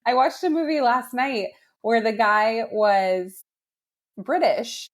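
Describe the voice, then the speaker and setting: A woman co-hosting a podcast, chatting casually and telling animated stories. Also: medium pitch, slow. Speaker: podcast co-host. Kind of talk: casual chat.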